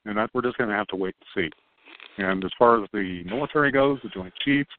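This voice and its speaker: A man on a podcast as a guest, talking in a calm, unhurried, explaining way. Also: fairly low pitch, a little hiss or hum. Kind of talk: casual podcast conversation. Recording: tinny phone-line sound, dry.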